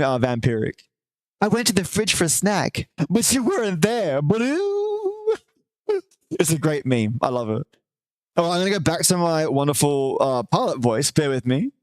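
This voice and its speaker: A man's voice: fairly high pitch, no room sound, studio quality. Chatty, affectionate man streaming live. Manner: chatty and affectionate, many restarts and drawn-out greetings. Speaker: livestream host. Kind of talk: casual chat with viewers.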